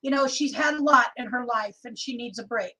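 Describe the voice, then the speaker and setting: A woman's voice: on the high side, fairly quick, bright, forceful tone, rough recording. A middle-aged woman from Oregon hosting a casual livestream, chatting and reading viewer comments aloud. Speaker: livestream host.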